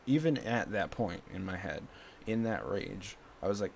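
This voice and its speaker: Gravelly-voiced man, agitated and repetitive. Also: on the low side, expressive, moderate pace, hardly any pauses, slight background noise. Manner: agitated, repeats himself. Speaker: vlogger. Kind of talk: casual monologue to camera.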